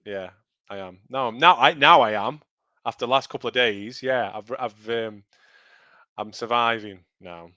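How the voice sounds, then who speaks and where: A man's voice: medium pitch, moderate pace, sharp tone, dry recording. A man co-hosting a live podcast, rambling and laughing easily in casual chat. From Stoke-on-Trent, England. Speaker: podcast co-host. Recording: dull lo-fi dry sound.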